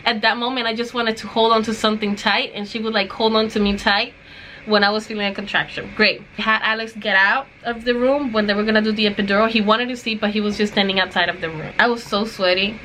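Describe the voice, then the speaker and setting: A woman's voice: mid-range voice, fairly even intonation, fast, pushed and bright, a little hiss or hum, poor audio. A young woman chatting casually to her vlog viewers, telling a story and acting out what others said. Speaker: vlogger.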